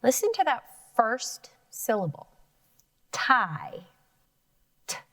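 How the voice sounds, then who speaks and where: A woman teacher giving a phonics lesson to children, slowly and clearly stretching out sounds and spelling letters. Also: on the high side, wildly swooping pitch, sharp tone, no echo, far from the mic. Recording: dry sound, voice a bit off the mic.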